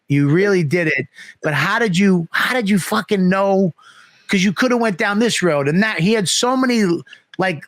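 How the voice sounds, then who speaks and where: A middle-aged man telling animated, profane stories on a comedy podcast. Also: high-pitched, no echo. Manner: animated, profane, acts out voices in his story. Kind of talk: casual storytelling on a comedy podcast.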